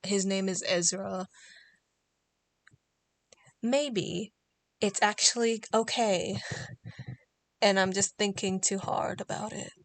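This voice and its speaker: A woman's voice: mid-range voice, steady tone, slow, pauses often. A woman streaming from her bedroom, chatting casually while she draws, musing aloud and doubting her own work in half-finished sentences. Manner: musing, self-critical, trailing off.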